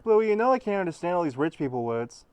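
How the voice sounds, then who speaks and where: A man's voice: high voice, sing-song, fast, a little mellow, clean tone, no echo. A man voicing a brash, easygoing young boy puppy who chatters in an offhand way.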